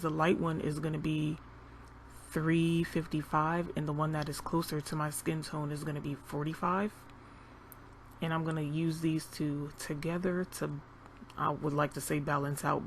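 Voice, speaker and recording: A young woman talking casually as a beauty vlogger, walking through her makeup routine in a chatty, relaxed way. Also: sits low, a little hiss or hum. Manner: chatty, relaxed, talks while applying makeup. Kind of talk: casual makeup tutorial narration.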